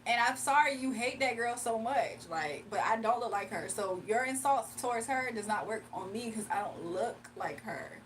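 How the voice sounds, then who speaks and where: A young woman with a Southern accent livestreams from home, chatting casually, reading out comments and laughing often. The livestreamer and spiritual reader has an animated, high-leaning voice at a moderate pace with hardly any pauses, recorded at low quality on a distant mic with slight background noise.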